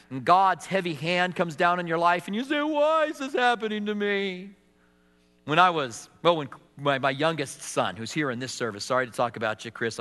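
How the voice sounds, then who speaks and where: Bright-voiced preacher man in a hall. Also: a little high. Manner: storytelling with acted quotes and humor. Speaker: pastor. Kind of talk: sermon.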